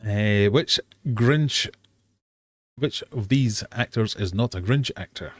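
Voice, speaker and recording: A man's voice: lowish voice, takes it slowly, no room sound, studio quality. A man hosting a casual live-streamed quiz for fishkeepers, chatty and jokey with self-deprecating asides. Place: home fish room.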